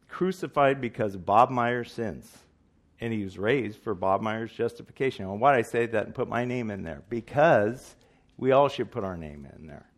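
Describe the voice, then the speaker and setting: A man preaches a sermon at a church meeting in a fairly low voice. He is earnest and emphatic and often puts questions to his listeners.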